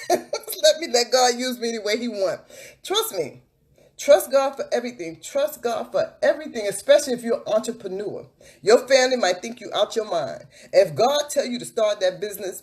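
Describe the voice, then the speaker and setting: A beauty vlogger on a livestream who breaks into fervent, repetitive spiritual encouragement, like a preacher. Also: female voice, a little high, very animated, normal speed.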